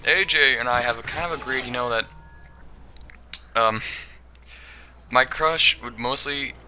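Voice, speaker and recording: A man's voice: medium pitch, a little slow, bright, forceful tone, a little hiss or hum. Rambling, giggly young man commentating. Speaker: gaming commentator. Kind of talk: casual gameplay commentary.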